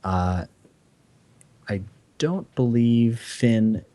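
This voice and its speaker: A man's voice: mid-range voice, expressive, drawn-out words, mellow. A man narrating as dungeon master, describing the scene with fillers and self-corrections. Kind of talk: narrating a tabletop game.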